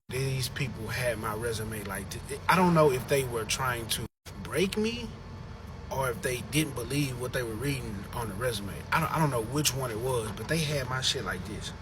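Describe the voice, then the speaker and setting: A man's voice: medium pitch, animated, normal speed, over music. A man telling a comic story about a job interview, exaggerating and swearing for emphasis.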